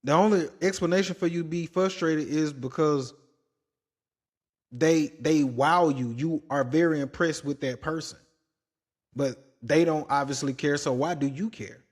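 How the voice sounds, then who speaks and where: Male podcast host, higher pitch, blunt and preachy reactor. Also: a little slow. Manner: blunt, preachy, rising to exasperated outbursts. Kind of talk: opinionated commentary.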